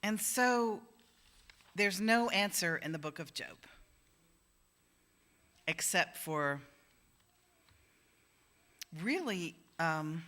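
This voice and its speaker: A woman minister preaching in a church with a bright, clear tone. Her sermon is loose and conversational, and she slips into the voices of the people she quotes. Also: on the low side, expressive, extremely slow, long pauses. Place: church sanctuary.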